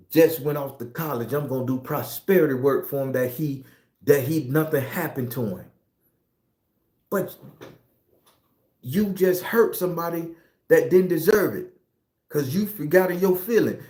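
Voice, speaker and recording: A man's voice: fairly high pitch, unhurried, long pauses, darkish tone. A middle-aged man with a Southern US accent, a tarot reader giving a preachy, profane and confessional spiritual monologue. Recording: echoey room.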